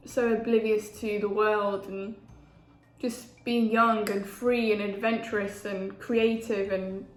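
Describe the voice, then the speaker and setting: A woman, chatting casually between bites in a food vlog. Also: a little high. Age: 20s. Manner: chatty, eating while talking. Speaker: food vlogger. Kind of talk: casual mukbang chat. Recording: echoey room with faint ambience.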